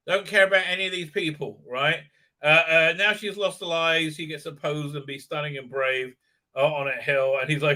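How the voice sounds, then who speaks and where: Bright-voiced man ranting on a stream. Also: fairly high pitch, moderate pace. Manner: rambling and profane, full of stammered fillers, mocking quoted voices. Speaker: host of a live stream. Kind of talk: ranting episode recap.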